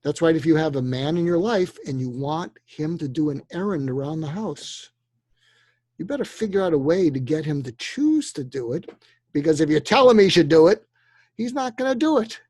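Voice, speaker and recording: An older man giving persuasion advice in a relaxed interview, acting out the lines he suggests people say in a calm, coaching way. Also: on the high side, normal speed, no room sound. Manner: acts out quoted dialogue in a calm coaching tone. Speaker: guest expert on persuasion.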